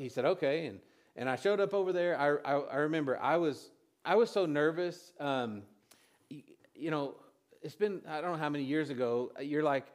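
A man preaching a sermon, telling a personal story in a halting way with many restarts. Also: a little high. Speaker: pastor.

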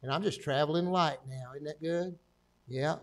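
A man's voice: a little high, moderate pace. An older man, a pastor preaching a folksy sermon and telling stories with jokes and asides. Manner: folksy, joking storyteller with frequent asides.

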